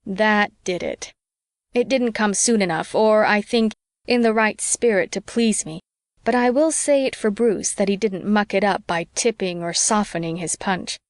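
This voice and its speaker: A woman reading a novel aloud as a steady first-person audiobook narrator. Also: medium pitch, normal speed, dry recording, clean studio sound.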